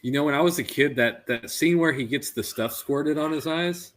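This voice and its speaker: A man's voice: on the high side, normal speed. A man in his thirties co-hosting a casual podcast chat, telling stories animatedly and laughing often. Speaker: podcast co-host.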